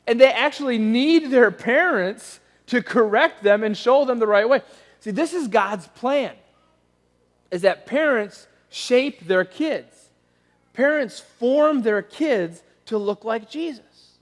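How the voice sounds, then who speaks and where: A man delivers a church sermon in a high-pitched voice, moving from animated storytelling to quiet, earnest pleading. His words trail into the long reverb of a large church auditorium. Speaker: pastor.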